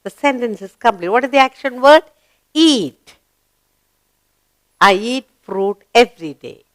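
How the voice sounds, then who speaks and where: A woman's voice: on the high side, animated, a little slow, no room sound. A woman teaching a grammar lesson to young children, spelling letters out and asking encouraging questions.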